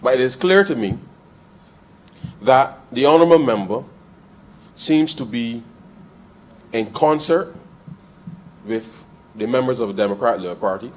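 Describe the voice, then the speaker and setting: A man giving a parliamentary debate speech in the chamber, addressing the chair with a steady "sir" and building to emphatic rises. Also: mid-range voice, unhurried, pauses often, rough recording. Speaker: member of parliament.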